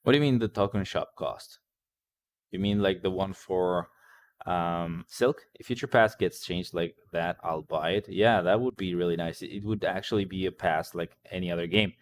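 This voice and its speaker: A man hosting a gaming channel, casually reacting to game patch notes, rambling offhand, reading notes aloud and answering chat, with the odd swear. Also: sits low. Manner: occasional swearing.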